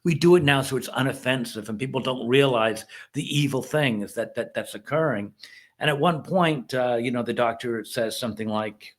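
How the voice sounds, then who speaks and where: A middle-aged man who is a reverend, talking through a movie review in a casual video, with an earnest, rambling and halting delivery. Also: medium pitch.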